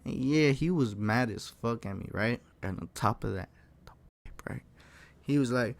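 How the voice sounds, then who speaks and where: A young man in a casual storytime vlog, slangy and animated, swearing often and calling the listener folk and bro. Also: mid-range voice, measured pace, vocal fry. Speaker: vlogger.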